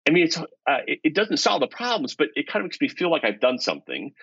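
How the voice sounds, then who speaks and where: A husky-voiced man tells an animated story, dropping to near-asides and then jumping up with excited emphasis. The sound is close and dry, with no room around it. The recording itself is slightly dull. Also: a little high, fast, dry recording. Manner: energetic, swings between hushed asides and excited emphasis. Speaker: author and guest.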